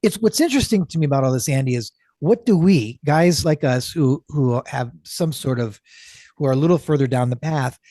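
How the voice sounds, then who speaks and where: Mellow-voiced man, earnest guest. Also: medium pitch, expressive, a little fast, no room sound, clean studio sound. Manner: earnest, emphatic, listing phrases. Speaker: podcast guest. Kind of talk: casual podcast conversation.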